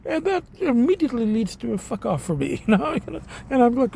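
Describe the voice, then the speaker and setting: A man's voice: very high-pitched, sing-song, moderate pace, gravelly, hardly any pauses, dark tone, a little hiss or hum. A middle-aged man from Canada vlogging casually to a phone camera, rambling with many hesitations and restarts, blunt and swearing when annoyed. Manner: rambling, hesitant, full of you-knows and restarts. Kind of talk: casual vlog talk to camera. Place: car, restaurants and shops.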